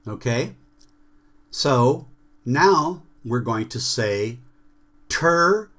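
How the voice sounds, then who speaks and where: A man's voice: medium pitch, animated, a little slow, fairly bright tone. A man leading an online jazz workshop, chanting rhythm syllables and checking in with students over a video call.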